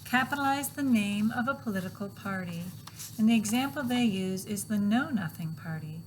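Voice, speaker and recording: A woman teacher walking students through a grammar worksheet, patiently explaining and reading examples aloud slowly. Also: medium pitch, lively intonation, a little hiss or hum, rough recording.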